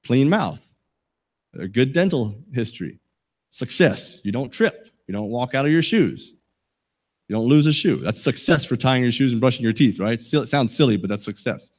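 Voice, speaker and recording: Folksy man giving a safety talk. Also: medium pitch. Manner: folksy, joking, asks the audience questions. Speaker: safety presenter. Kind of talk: talk to a live audience.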